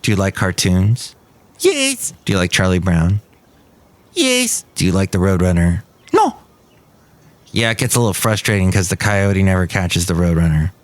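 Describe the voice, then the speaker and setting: A man's voice: low voice, fairly even intonation, fast talker, hardly any pauses, no room sound. A man hosting a solo podcast in casual chat, rambling with jokey asides. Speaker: podcast host. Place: outdoors at a cafe.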